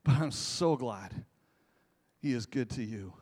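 A man preaching a sermon as pastor, moving between hushed, intimate passages and loud, impassioned stretches, with casual asides and rhetorical questions to the congregation. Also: medium pitch, expressive, takes it slowly.

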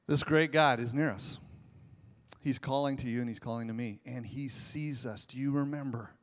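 A man preaching a sermon as pastor, moving between hushed, intimate passages and loud, impassioned stretches, with casual asides and rhetorical questions to the congregation. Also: medium pitch, normal speed.

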